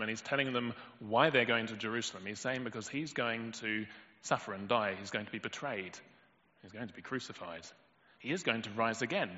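A man's voice: mid-range voice, pushed and bright. A man preaching a sermon in a storytelling way, acting out quoted lines with sudden lifts in his voice. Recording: dull lo-fi audio in a long-reverb hall.

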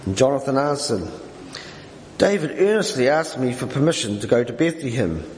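A man reading scripture aloud during a church service, in a measured, steady way. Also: mid-range voice. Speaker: scripture reader. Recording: echoey hall with faint noise.

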